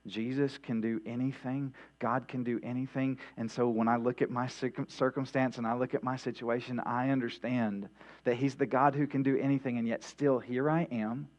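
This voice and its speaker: This man's mid-range voice barely shifts in pitch as he preaches at a moderate pace during a midweek church service. As a pastor he speaks conversationally, with lots of restarts and "right?" asides, and the recording sounds dull and lo-fi, with mains hum.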